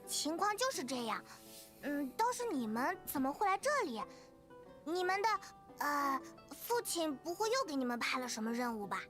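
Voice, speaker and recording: A tiny floating fairy companion from a video game, her voice squeaky and very high. She chatters excitably and can't stop talking. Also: moderate pace, soft background music. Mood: chatty. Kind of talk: game dialogue.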